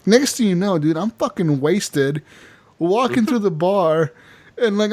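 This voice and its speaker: Animated, laughing man telling a game story. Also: sits high, normal speed. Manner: animated storyteller, acts out characters, laughs often. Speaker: podcast co-host. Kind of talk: casual gaming podcast chat.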